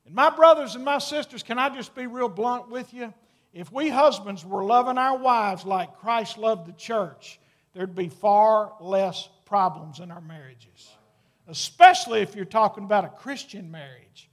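A man's voice: sits high, unhurried. A middle-aged man preaching a sermon as pastor, earnest and folksy, drawing out key words for emphasis. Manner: folksy, talks straight to the congregation.

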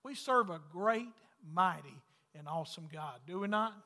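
A man preaching a folksy sermon as pastor, swinging between loud calls and hushed, intimate lines. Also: high-pitched, expressive, moderate pace, in a large hall.

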